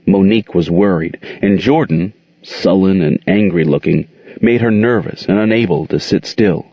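Expressive male audiobook narrator, deep, dry, lo-fi recording. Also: normal speed, breathy edge, no echo. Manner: expressive storytelling. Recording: dull, dry muffled audio.

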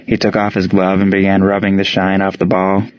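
A man reading a story aloud as narrator, in steady storytelling narration. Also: low-pitched, brisk, no echo, dull audio. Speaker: audiobook narrator. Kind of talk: scripted narration.

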